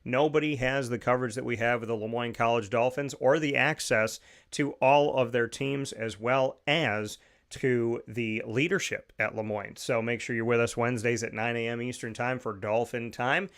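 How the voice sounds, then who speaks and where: A man's voice: medium pitch, steady tone, normal speed, a bit bright. A man hosting his own radio and podcast show in a studio, talking with upbeat enthusiasm and rattling off plugs and lists. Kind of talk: energetic show talk and sponsor plugs.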